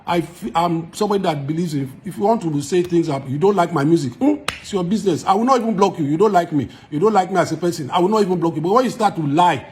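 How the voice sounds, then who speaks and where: A man with a Nigerian accent talks straight to camera, laying out his case with force and driving each point home by repeating it. His voice sits a little higher than most men's. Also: fast talker, hardly any pauses, a little mellow, slight background noise. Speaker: musician. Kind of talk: direct-to-camera address to followers.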